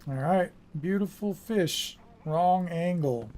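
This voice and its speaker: A young man talks his way through a naval battle game in an unhurried drawl. His voice sits slightly high, and he mutters and curses under his breath as things go wrong. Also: darkish tone. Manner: swearing, muttering reactions to the game. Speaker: gaming streamer. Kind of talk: casual gameplay commentary.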